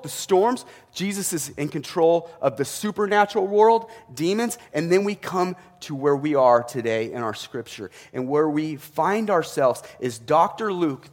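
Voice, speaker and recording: A man's voice: fairly high pitch, long reverb tail. A man preaching a sermon as a pastor, in a conversational way with asides and self-corrections.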